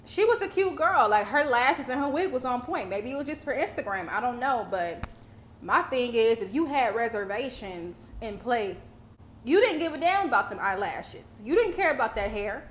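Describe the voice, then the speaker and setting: A woman's voice: fairly high pitch, expressive, normal speed, slight background noise. A young woman giving blunt, profane commentary in a casual, sassy way. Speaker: vlogger commentator.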